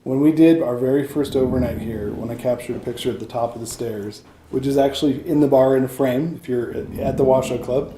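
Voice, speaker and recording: A man hosting an interview, chatting in a relaxed, wry way. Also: medium pitch, a little fast, few pauses. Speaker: host. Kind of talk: interview chat. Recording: echoey room with faint noise.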